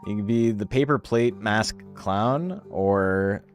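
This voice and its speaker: A man's voice: on the low side, takes it slowly, soft background music. A man casually commentating a game stream, reading game text aloud with wry, offhand remarks.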